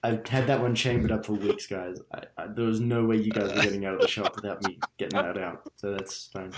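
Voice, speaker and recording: A man's voice: on the low side, fairly even intonation, brisk, hardly any pauses, noisy background. An Australian man narrating as game master in a joking, chatty way. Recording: roomy echo.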